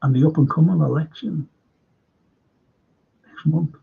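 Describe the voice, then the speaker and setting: An older man with a Liverpool accent hosts a live fan stream, his voice a little high, measured, slightly rough, with vocal fry. He chats casually, reads comments, and rambles through anecdotes with restarts. The stream audio is dull and lo-fi.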